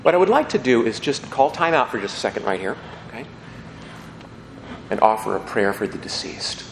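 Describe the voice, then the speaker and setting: Folksy priest in an echoey church. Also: male voice, medium pitch, big pitch swings, a little fast, creaky, slight background noise. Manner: conversational, folksy, asks "okay?" often. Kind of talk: homily. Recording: echoey church with long reverb.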